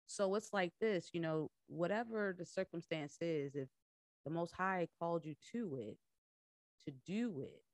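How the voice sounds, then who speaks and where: Low-voiced woman coach teaching casually. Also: no echo. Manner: conversational, laughs often, acts out voices in retelling. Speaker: podcast host and coach. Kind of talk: casual Bible teaching talk.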